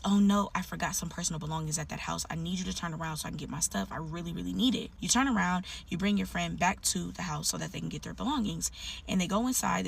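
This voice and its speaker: Fast, husky woman narrating. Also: on the low side, far from the mic. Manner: urgent, rapid narration. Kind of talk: second-person storytelling.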